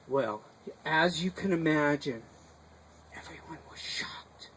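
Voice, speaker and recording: A man tells a folk tale to a small group gathered in a sukkah, speaking slowly with a slightly high voice. He is dramatic and animated, dropping to a hush and then rising again. The talk is live and unscripted. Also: a little hiss or hum, poor audio. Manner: dramatic, animated, with sudden shifts in loudness. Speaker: storyteller. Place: sukkah, a small outdoor booth.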